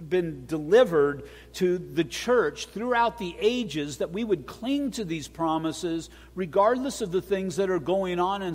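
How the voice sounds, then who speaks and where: A middle-aged pastor delivering a sermon, earnest and emphatic, building with repetition. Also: male voice, on the high side, breathy edge. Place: church sanctuary. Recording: long church hall reverb.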